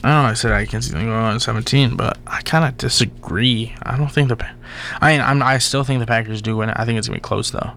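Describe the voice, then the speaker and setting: A young man co-hosting a college radio sports show, blunt and quick to disagree in casual chat. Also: medium pitch, vocal fry, fairly bright tone, slight background noise.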